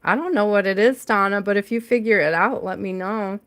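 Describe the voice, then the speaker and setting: A woman's voice: mid-range voice, fairly quick, a bit bright. A woman giving a casual livestream tarot reading, chatting with viewers by name and laughing often. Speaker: tarot reader.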